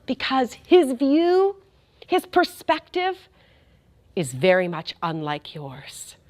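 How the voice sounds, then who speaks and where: A woman's voice: high voice, wildly swooping pitch, slow pace, a little mellow. A middle-aged woman giving a faith talk, telling a story with animation and speaking directly to the crowd.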